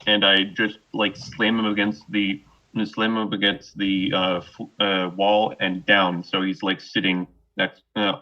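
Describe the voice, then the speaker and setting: A man playing a tabletop game in casual chat, halting and repeating himself. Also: low-pitched. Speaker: player. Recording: slightly muffled audio.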